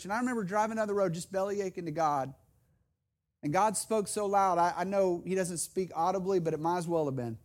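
Brief: middle-aged male pastor, high voice, impassioned sermon, rising repeated calls. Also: brisk. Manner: impassioned, builds to loud emphatic repetition; earnest, personal storytelling with restarts.

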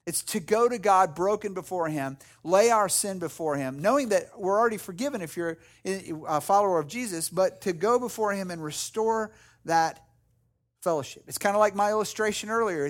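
A man's voice: high-pitched, brisk. A man preaching a sermon as a pastor, earnest, acting out prayers and little dialogues, often restarting phrases.

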